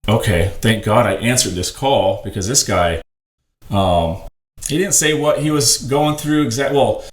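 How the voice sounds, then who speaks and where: On a podcast, a man who works in ministry earnestly tells a personal story at a measured pace in a mid-range voice, rambling and saying "like" a lot. The recording has a roomy echo and faint noise.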